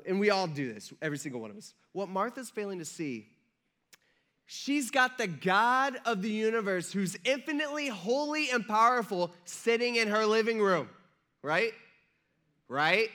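High-voiced man preaching casually. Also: bright, forceful tone. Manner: conversational, jokey, checks in with the audience. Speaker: pastor. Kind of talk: casual sermon.

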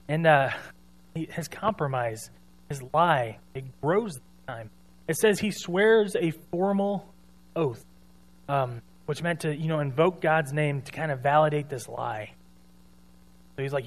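A man's voice: fairly high pitch, normal speed. A man preaching a sermon in an earnest, conversational way, retelling scripture in his own words.

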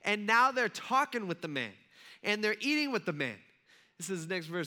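A man's voice: sits high, lively intonation, a little fast, sharp tone. A man preaching a casual storytelling sermon, chatty, who acts out the characters as he retells the story.

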